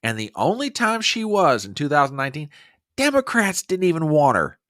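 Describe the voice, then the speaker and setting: A man's voice: fairly high pitch, brisk, dry recording, clean studio sound. A man hosting a conservative political show, giving emphatic, opinionated commentary and often restarting his sentences. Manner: emphatic and animated, with frequent restarts. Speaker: host of a conservative political podcast.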